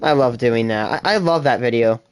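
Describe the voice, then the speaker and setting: A seventeen-year-old streams live gameplay and chats the whole time. The voice sits at a middle pitch. They talk quickly, ramble to themselves and break into the odd laugh. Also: smooth. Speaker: gaming livestreamer. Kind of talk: casual live gameplay chatter.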